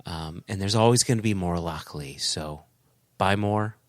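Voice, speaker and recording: Deep-voiced guy cohosting a podcast, hyped and punchy, dry close sound. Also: a little slow, no room sound. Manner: emphatic, enthusiastic, punchy short phrases. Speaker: podcast co-host. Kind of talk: casual chat.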